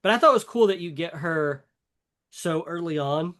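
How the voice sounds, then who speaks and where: Chatty Southern man, slightly high voice. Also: expressive, moderate pace, fairly bright tone. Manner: chatty, rambling with many fillers. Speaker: podcast co-host. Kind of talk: casual chat.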